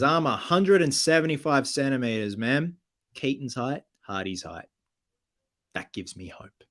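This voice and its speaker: A man at an ordinary mid pitch hosts a relaxed livestream Q&A. He reads viewer comments out loud and answers them in an upbeat, chatty manner, often with fillers. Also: a little slow. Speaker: cosplayer hosting a livestream. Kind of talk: casual livestream chat Q&A.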